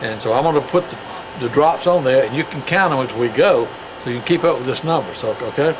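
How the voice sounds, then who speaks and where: A man hosting a homespun show from his farm, rambling along with plenty of ums and restarts. His pitch sits in the middle, and a clear noisy background hangs behind him outdoors. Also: fast. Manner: rambling, chatty, with many fillers and restarts. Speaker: host. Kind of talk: casual folksy chat.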